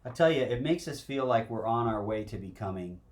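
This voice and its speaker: A man's voice: medium pitch, animated, fairly quick. A man co-hosting a talk show, chatting casually and laughing often. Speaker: co-host.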